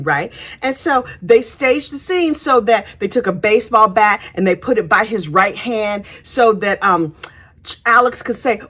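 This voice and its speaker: A woman's voice: on the high side, lively intonation, normal speed, a bit bright. A woman giving a sassy, chatty, casual recap of a trial, acting out the people she quotes. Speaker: true crime commentator. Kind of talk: casual true crime recap.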